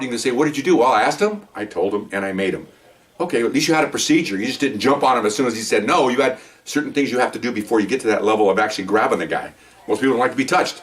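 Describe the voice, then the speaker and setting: A man's voice: mid-range voice, distant mic. An older man, a retired police officer, telling rambling, jokey stories from his career and peppering them with "okay?" and "you know". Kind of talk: casual storytelling monologue.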